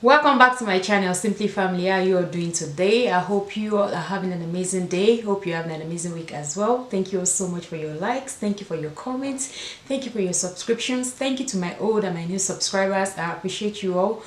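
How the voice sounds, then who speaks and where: A woman's voice: medium pitch, a little fast, echoey room. A woman with an African accent talking casually to camera as a fashion vlogger, repeating words for emphasis. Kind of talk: casual vlog talk to camera.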